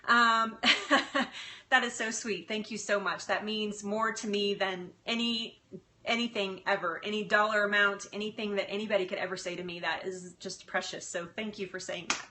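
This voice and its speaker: A woman's voice: mid-range voice, fairly even intonation, moderate pace, pushed and bright, slight background noise. A woman health coach chatting on a live stream from her home kitchen on a phone, laughing often and easily moved as she answers viewers.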